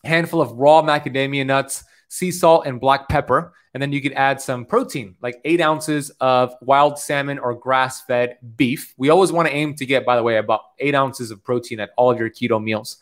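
A man's voice: mid-range voice, fairly even intonation, normal speed, hardly any pauses. A man in his thirties coaching on the keto diet, talking to camera in an upbeat, preachy way, often checking in with "okay?". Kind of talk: motivational talk to camera.

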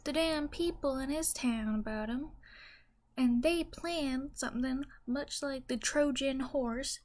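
A woman with a Southern US accent and a voice that sits high tells a rambling, mock-religious comedy story. Her delivery is folksy and deadpan.

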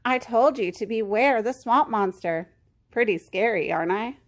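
A woman's voice: fairly high pitch, lively intonation, moderate pace. A woman voicing a playful duck in a swamp monster costume, teasing.

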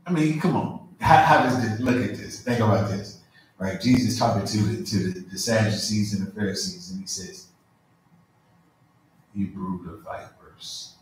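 A man preaching a conversational sermon, informal and animated, full of asides and "you feel me?". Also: on the low side, brisk, slight background noise. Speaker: pastor. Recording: very echoey room, mic far off.

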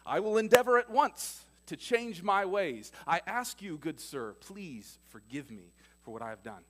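A stiffly courteous talking parrot, put on by a male preacher in a told joke. It speaks in formal, carefully mannered phrases with a fairly high voice. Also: expressive, unhurried, a bit bright, slight background noise. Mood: contrite. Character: foul-mouthed pet parrot turned overly polite.

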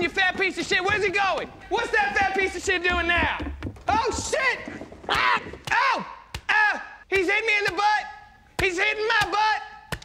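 A foul-mouthed heckling president. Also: male voice, very high voice, noisy background. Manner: loud, foul-mouthed, repetitive taunting. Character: crude heckling male president in theater box. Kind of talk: sketch comedy acting.

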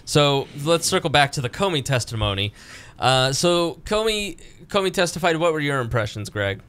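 A man's voice: very animated, normal speed, fairly bright tone, clean tone. A young man hosting a political talk podcast, chatting casually and sarcastically. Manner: sarcastic, mimics politicians in high voices. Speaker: podcast host.

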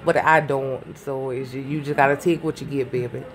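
A woman's voice: rumbling low, fairly even intonation, moderate pace. A woman vlogging from her garage into a phone, rambling and swearing, easily sidetracked and calling her viewers baby and y'all. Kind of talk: casual chat to camera. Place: home garage. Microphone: phone held close.

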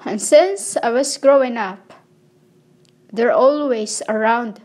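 A woman delivering a rambling spiritual monologue in halting, broken phrases, pleading with her listeners. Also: fairly high pitch, darkish tone. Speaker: self-proclaimed spiritual messenger.

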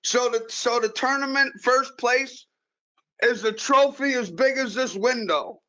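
A high-pitched man spins an animated, profane story in a casual chat. He restarts and repeats his words as he goes. The recording sounds somewhat dull and lo-fi. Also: measured pace. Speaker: guest pool player.

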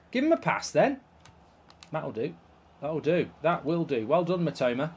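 A man commenting live on a football video game, swearing and reacting loudly to each play. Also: a little high, sing-song, moderate pace, breathy edge. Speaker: YouTube gaming host.

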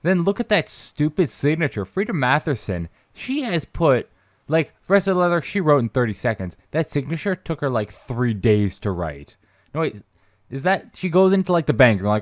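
Man, let's play host, joking rambling commentary, mid pitch, dry recording. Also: sing-song, normal speed, no room sound. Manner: joking, rambling, mock voices for characters. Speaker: gaming channel host.

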